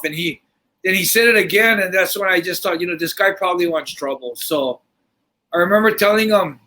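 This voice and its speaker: A middle-aged man telling a story in casual podcast talk, animated and swearing freely, often restarting his sentences. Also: sits high, a little fast, rough recording. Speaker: podcast host.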